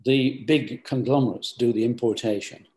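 A man's voice: mid-range voice, steady tone, normal speed, a little mellow. An older man, a business founder, giving rambling, hesitant interview answers full of restarts.

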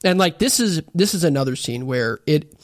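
A man's voice: on the high side, expressive, normal speed, no room sound, studio quality. A man co-hosting a casual podcast, laid back and swearing as he recaps episodes. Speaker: podcast co-host recapping an anime. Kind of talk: casual chat.

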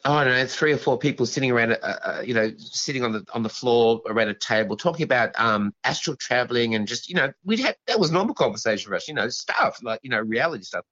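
A man being interviewed as a guest, telling a story in a halting, rambling way, full of restarts and asides. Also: mid-range voice, expressive, pushed and bright, lo-fi sound.

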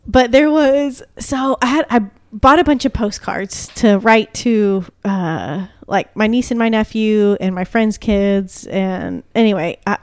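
A woman in casual chat, chatty and animated, as a podcast co-host. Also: medium pitch, a little slow, few pauses, no echo. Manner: chatty, animated, laughs easily.

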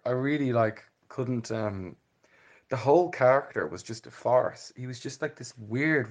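A man giving a blunt, dismissive review in a casual podcast chat, with hesitant fillers. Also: on the low side. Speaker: film podcast co-host.

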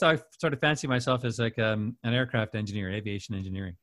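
A man's voice: on the low side, quick pace. A man in casual conversation as a radio host, telling anecdotes with lots of laughter. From Canada. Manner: animated storyteller, laughs often. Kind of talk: casual chat.

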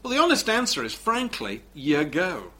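A male presenter telling anecdotes in easy, rambling chat. His pitch rises and falls a lot, and his tone is bright and a little high. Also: wildly swooping pitch, normal speed. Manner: chatty storyteller, lots of "you know". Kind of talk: casual chat.

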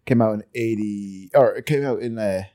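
A man co-hosting a podcast, chatting about a film in a halting way with many stops and restarts. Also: fairly low pitch, dark tone. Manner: halting, full of fillers and restarts. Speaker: podcast co-host. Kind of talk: casual film review chat.

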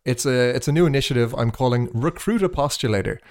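A man's voice: mid-range voice, expressive, fast, a little mellow. A man with an Irish accent, co-hosting a podcast in casual chat, wordy and dryly self-deprecating. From Ireland. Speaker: podcast co-host.

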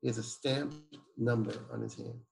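A man's voice: mid-range voice, moderate pace, vocal fry. A man, a guest telling a personal story emphatically and acting out the dialogue. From Israel. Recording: roomy echo.

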